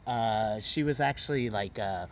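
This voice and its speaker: Male host, slow and halting, mid-pitched, recorded at a distance outdoors with light insect noise. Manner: hesitant, many filler sounds, laughs along. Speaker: podcast host. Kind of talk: casual chat. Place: outdoors in a park.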